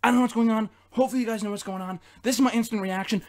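Man, young adult, reaction vlog, frantic, profane, loud disbelief. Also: high voice, fairly even intonation, very fast. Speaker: wrestling reaction vlogger. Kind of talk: excited instant-reaction rant.

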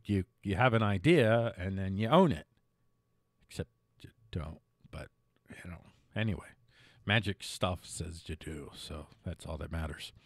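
A man's voice: lowish voice, dry recording, studio quality. Jokey middle-aged man commenting on news. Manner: jokey, sarcastic asides, self-mocking, stumbles and restarts.

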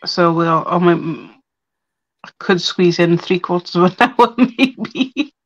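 In a home craft room, a woman hosts a casual crafting livestream, muttering half to herself as she works. Her voice sits fairly low and she takes things slowly, and the sound is lo-fi.

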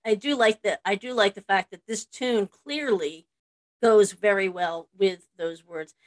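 A woman's voice: mid-range voice, measured pace. Earnest woman host, chatty. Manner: earnest, repeats words when starting. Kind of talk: casual chat.

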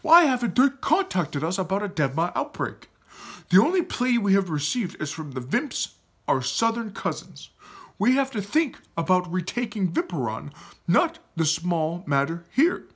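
Storybook chief: man reading a proud, scolding old chief, husky. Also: high voice, sing-song, normal speed, pitched above the performer's own voice, exaggerated voice. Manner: scolding, dismissive. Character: stern, proud older male tribal chief.

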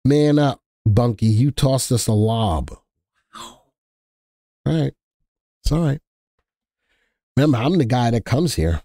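A man's voice: medium pitch, animated, measured pace, pauses often, mellow, no echo, studio quality. A man hosting a live stock market stream, chatting casually and joking with viewers in the chat. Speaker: stock market livestream host.

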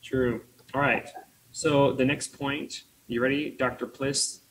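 Jokey guy voice teacher, mid pitch, faint clicks in the background. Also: level tone, slow pace, slight background noise, rough recording. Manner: jokey and playful, explaining. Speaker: voice teacher presenter. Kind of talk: conference presentation.

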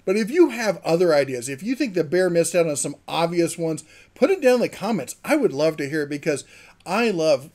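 A man's voice: on the high side, sing-song, a little fast, darkish tone. A man hosting his own channel, talking casually and enthusiastically in a rambling, chatty way. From Mountain West of the USA. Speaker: channel host. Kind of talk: casual vlog talk to camera.

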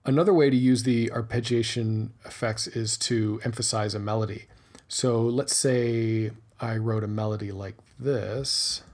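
A man's voice: lowish voice, fairly even intonation, measured pace. A man hosting a music tutorial, explaining methodically and thinking aloud as he works through the steps. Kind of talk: screen-recorded tutorial narration.

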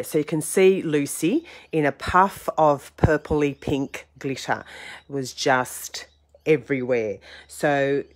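Woman, croaky voice, low pitch, chatty and rambling, craft tutorial host. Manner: chatty, rambling, self-deprecating. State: croaky, getting over a cold.

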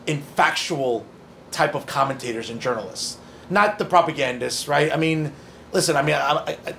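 A man's voice: a little high, normal speed, creaky, fairly bright tone, slight background noise. A man from northern New Jersey, an opinion journalist answering audience questions in a conversational, earnest way with joking asides. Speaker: opinion journalist and guest speaker. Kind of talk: audience Q&A talk.

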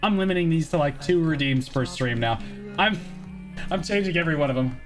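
High-voiced exasperated male streamer. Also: brisk, soft background music. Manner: profane, exasperated outbursts and yelling. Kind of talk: livestream gameplay commentary.

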